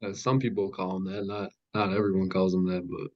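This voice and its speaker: A man's voice: low-pitched, little pitch movement, fairly quick, no room sound, dull audio. A teenage boy, a hesitant and modest podcast guest. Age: teens. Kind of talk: casual interview chat.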